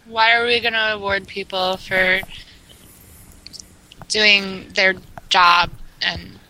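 A woman in casual chat as a podcast co-host, giving soft, dry, brief replies. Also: mid-range voice, steady tone, slow pace, poor audio.

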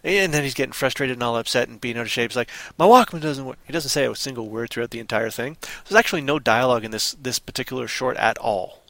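A man chatting on a podcast, animatedly retelling movie scenes and slipping into quick voices for the characters. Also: medium pitch, pushed and bright, no echo. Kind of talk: casual chat.

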